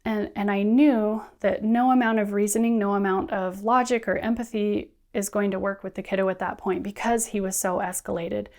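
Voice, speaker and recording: A woman teacher trainer giving friendly, brisk instructional talk, often acting out what students and teachers say. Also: medium pitch, steady tone, darkish tone. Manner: friendly, brisk, acts out classroom quotes.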